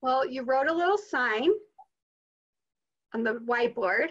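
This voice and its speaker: Lady cohost with a high voice, teasing and wry, laughs easy, kinda muffled audio. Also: lively intonation, a little slow, a bit bright. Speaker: podcast co-host. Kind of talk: casual chat.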